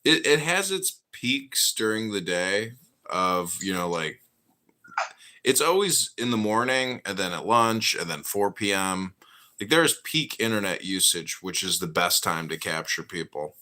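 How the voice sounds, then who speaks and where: A man hosts a casual podcast and weighs his words in a measured, thoughtful way. His voice sits very low, yet it has a bright, forceful edge. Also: animated. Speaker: podcast host. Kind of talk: casual chat.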